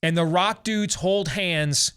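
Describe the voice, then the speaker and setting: A man's voice: sits high, slow, a bit bright, clean tone. A man in his forties hosting a talk show, ranting sarcastically and theatrically in opinionated commentary. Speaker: host.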